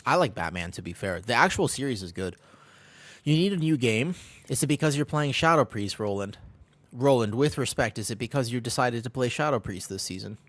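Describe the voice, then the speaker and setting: An upbeat Midwestern man chatting with his stream audience while he plays, quick to joke and laugh. His voice sits in an ordinary middle range, close to the mic in a dry, dead room. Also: medium pitch, expressive, fairly bright tone, no room sound. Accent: American Midwestern. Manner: upbeat, joking, often laughing, chatting with viewers. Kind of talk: casual live-stream chat while gaming.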